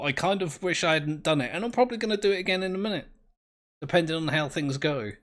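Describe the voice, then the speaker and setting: A man's voice: fairly high pitch, quick pace, a bit bright. A man, commentating his own game play in a rambling, self-mocking, easily amused way. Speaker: gameplay commentator.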